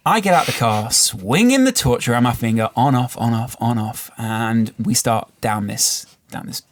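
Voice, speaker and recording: Man from the Midlands, co-host on a podcast, rambling storyteller, medium-pitched everyday voice. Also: lively intonation, normal speed. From English Midlands. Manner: rambling storyteller, swears casually. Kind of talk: casual podcast chat. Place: podcast studio.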